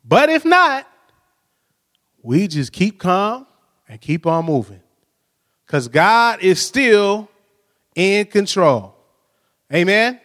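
Male pastor, high voice, chatty storytelling sermon, reverberant church sound. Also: sing-song, slow, long pauses, a bit bright. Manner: storytelling, frequent "right?" tag questions. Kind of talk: conversational sermon. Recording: long hall reverb.

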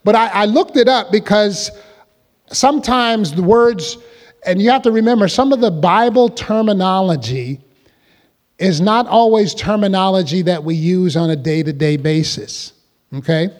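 Pastor guy preaching, high voice, keeps asking the crowd to answer back, big echoey hall. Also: moderate pace. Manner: call-and-response preaching, asks the congregation questions. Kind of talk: sermon.

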